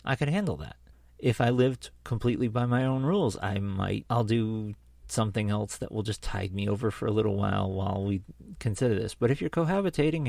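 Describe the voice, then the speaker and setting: A man with a New England accent talks casually on a podcast, thinking out loud and slipping in wry jokes. His voice has a gravelly fry at mid pitch. The sound is close and dry. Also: dry recording. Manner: musing, wry, reasons things out aloud. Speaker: podcast co-host. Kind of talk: casual group chat.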